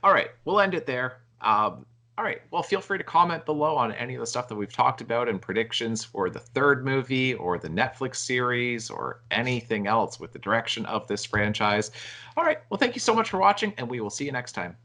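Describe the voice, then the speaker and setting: A man's voice: mid-range voice, brisk, few pauses, pushed and bright. A man hosting a podcast, talking in a rambling casual way with many fillers and restarts. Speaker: podcast host. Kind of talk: casual chat.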